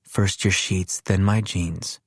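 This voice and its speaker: A man voicing a young woman caregiver who talks in a brisk, teasing, practical way. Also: sits low, steady tone, no room sound, clean studio sound, exaggerated voice.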